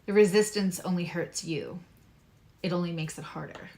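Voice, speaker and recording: A woman's voice: lowish voice, moderate pace, dark tone, a little hiss or hum. A woman from Long Island giving a casual astrology and tarot reading, emphatic and repeating her key points. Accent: neutral American, former Long Island accent dropped. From Long Island, New York. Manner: emphatic, repeats key phrases, chatty asides.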